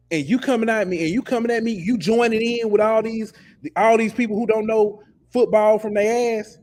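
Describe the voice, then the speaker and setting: A man's voice: high-pitched, steady tone, moderate pace, a little mellow. A man co-hosting a sports podcast, ranting passionately in casual talk and often repeating words. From lives in Alabama. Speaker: podcast co-host.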